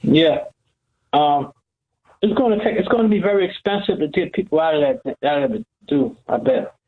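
A male caller to a radio show, talking haltingly and repeating his words. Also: a little high, expressive, slightly rough. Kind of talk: phone-in call. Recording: tinny phone line.

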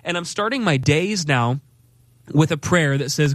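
A man's voice: a little high, animated, measured pace, a bit bright, no echo. Sincere man sharing his faith reflectively. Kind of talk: faith talk show chat.

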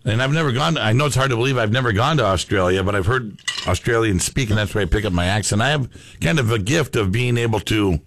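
A man's voice: lowish voice, quick pace, fairly bright tone. A man hosting a sports radio show, chatting casually and reading out listener messages. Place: radio studio.

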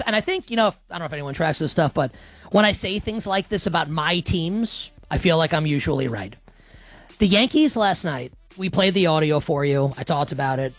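Man, sports talk radio host, high voice, dry close mic, chatty, teasing. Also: fairly bright tone, dry recording. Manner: chatty, teasing, self-correcting. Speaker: sports betting show host.

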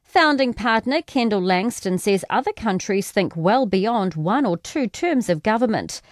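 A woman reading a scripted radio news bulletin in a crisp, even manner from a studio. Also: medium pitch, a little slow, no echo. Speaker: radio newsreader.

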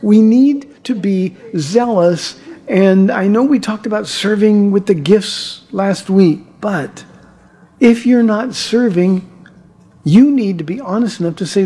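A man's voice: high voice, slow, warm tone, husky. A man preaching a sermon as pastor, earnest, often repeating words as he goes and telling stories from his own life. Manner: earnest preaching with frequent word repeats and told anecdotes.

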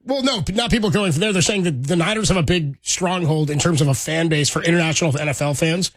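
A man's voice: fairly high pitch, fast, dry recording. A man hosting a casual sports podcast, talking in a rambling way and laughing often. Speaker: podcast host.

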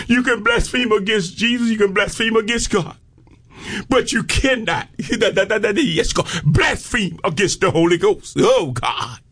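A man. He talks slowly and deliberately, drawing out his phrases, then climbs into shouted peaks. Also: high-pitched. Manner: fervent, rhythmic preaching with shouted peaks and drawn-out phrases. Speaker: preacher. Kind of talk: sermon.

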